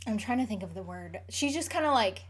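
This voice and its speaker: Young woman streamer, mid-pitched, loose rambly delivery full of "like". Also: animated, fairly quick, breathy edge. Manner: rambling, filler-heavy, frequent "like". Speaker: streamer answering chat questions. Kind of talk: casual chat.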